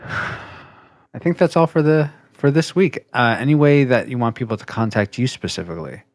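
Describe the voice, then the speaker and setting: A man's voice: medium pitch, moderate pace, no room sound, studio quality. A man hosting a casual podcast, joking and laughing with his co-hosts. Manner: laughing, playful teasing. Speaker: podcast host.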